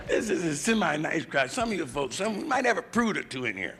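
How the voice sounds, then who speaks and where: A man's voice: high voice, vocal fry, pushed and bright. An American male comedian doing crude, conversational nightclub stand-up and working the crowd from a hotel stage, on a noisy 1970s live VHS tape. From United States.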